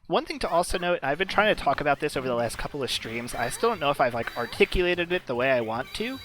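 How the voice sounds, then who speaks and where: A man's voice: on the high side, big pitch swings, quick pace, a bit bright. A man doing casual live commentary on a puzzle game tournament, chatty and explanatory, with many fillers.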